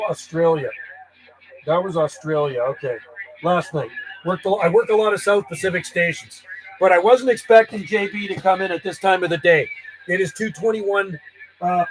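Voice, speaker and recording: A man's voice: sits high, slight background noise. A man chatting casually over the radio with distant contacts, rambling and friendly while logging them. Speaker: ham radio operator.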